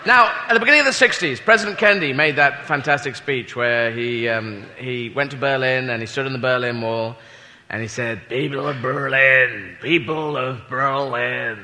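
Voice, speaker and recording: A man's voice: medium pitch, brisk, bright, forceful tone. A man doing a rambling, self-mocking stand-up routine, swearing casually. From Britain. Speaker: stand-up comedian. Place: live comedy venue. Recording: long reverb hall with audience noise.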